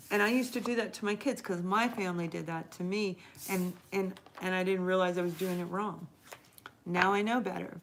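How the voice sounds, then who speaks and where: A woman's voice: mid-range voice, a little hiss or hum. Earnest middle-aged woman reading tarot live. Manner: earnest, encouraging, talks straight to viewers with drawn-out emphasis. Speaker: tarot reader and host.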